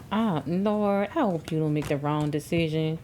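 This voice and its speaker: A woman's voice: deep voice, normal speed, mellow, a little hiss or hum. A woman giving a tarot love reading in an emphatic, preachy way, repeating words for stress. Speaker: tarot reader.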